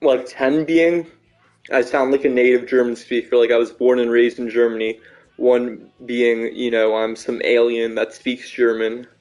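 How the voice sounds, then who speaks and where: A man chatting casually while streaming a game, rambling, self-mocking, full of halting restarts. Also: mid-range voice, flat delivery, a little mellow, poor audio. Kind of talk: casual gaming chat.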